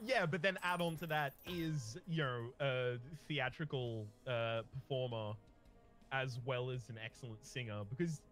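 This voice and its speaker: A man hosting a casual gaming chat, telling stories in an animated, rambling way. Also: medium pitch, a little slow, soft background music. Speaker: host.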